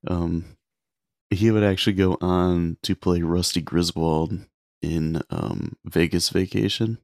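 Guy with a really low mellow voice rambling thru movie scenes, lots of likes and you knows. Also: fairly even intonation, slow pace, dry recording, clean studio sound. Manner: rambling, retells scenes with filler words. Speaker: podcast co-host. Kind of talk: casual movie chat.

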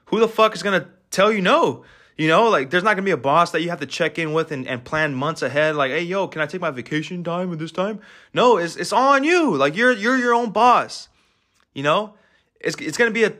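Young guy ranting about grinding, swears a ton, bright forceful voice, kinda high. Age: 20s. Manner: brash, profane and hyped, heavy filler talk. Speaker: podcast host. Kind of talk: casual motivational monologue.

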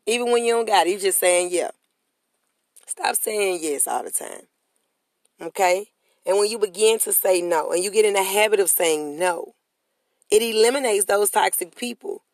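Woman with a gravelly voice, giving a blunt motivational talk to viewers, slangy and repetitive, dry room. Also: mid-range voice, no room sound. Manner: emphatic and repetitive, leads call-and-response chants; casual, slangy street talk. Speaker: motivational speaker.

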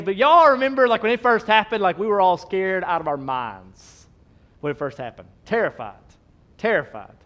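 A pastor preaching a sermon, emphatic and repetitive, with rhetorical questions and a casual way of talking. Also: male voice, high-pitched. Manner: casual, with filler likes.

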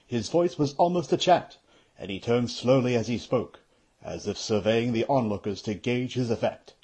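A man reads a fantasy novel passage aloud for his podcast, in measured storytelling narration. His voice is a little husky and breathy, at a middle pitch. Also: warm tone. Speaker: podcast host reading aloud. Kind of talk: audiobook-style reading.

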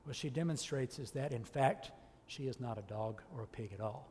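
A man preaching a sermon as a church elder, impassioned and emphatic, rising to loud peaks and dropping low. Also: moderate pace, long reverb tail, a little hiss or hum.

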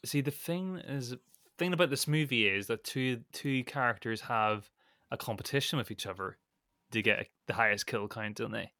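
A man's voice: mid-range voice, normal speed, sharp tone, no room sound, studio quality. A man co-hosting a casual podcast, reading out quiz questions and answer options with a playful lilt.

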